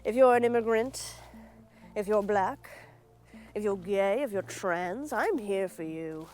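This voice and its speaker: A woman's voice: medium pitch, a little mellow, faint music behind, close to an everyday voice. A woman putting on a mock British accent to play a smug, self-righteous, well-off woman who talks down to people she claims to save. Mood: condescending. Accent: put-on British. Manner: condescending, preening, drawn-out.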